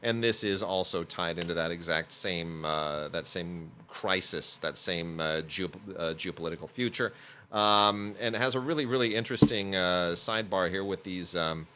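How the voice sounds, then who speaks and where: Bright-voiced man rambling through reviews. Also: sits low, normal speed, slight background noise. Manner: rambling, many fillers and restarts. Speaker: podcast host reviewing home video releases. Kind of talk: casual review chat.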